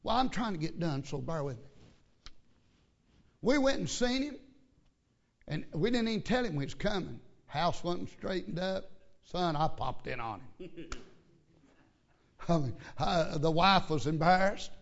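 A man's voice: on the high side, animated, unhurried, long pauses. Folksy preacher man, muffled recording. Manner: folksy, repetitive, stammering restarts. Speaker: pastor. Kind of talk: sermon storytelling. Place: church.

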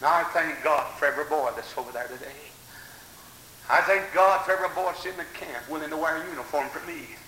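A man preaching a fiery revival sermon. He moves from hushed storytelling to shouted exclamations. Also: a little high, brisk. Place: church hall. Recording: echoey hall with faint tape hiss.

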